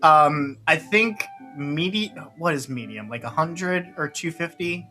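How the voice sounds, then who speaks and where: Bright, laughing male game master. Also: on the high side, soft background music. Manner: laughing, halting, self-mocking. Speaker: dungeon master. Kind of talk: running a tabletop game over voice chat.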